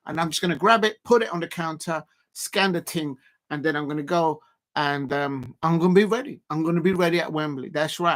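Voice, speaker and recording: Man, fairly high voice, excitable, rambling, laughs a lot, casual live stream host. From South London, Colombian roots.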